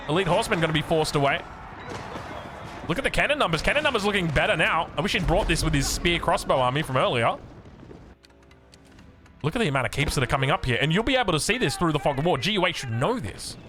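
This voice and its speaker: An excitable Australian man casting a strategy game in a high voice, calling out the players by name and jumping up in pitch when something surprises him. Loud music plays under his commentary. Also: quick pace, pauses often. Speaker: game caster.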